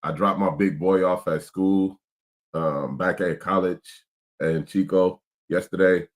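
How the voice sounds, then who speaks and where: Man, middle-aged, low voice, laid-back slang, emotional. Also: fairly even intonation, slow. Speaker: vlog host, father. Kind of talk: casual vlog chat.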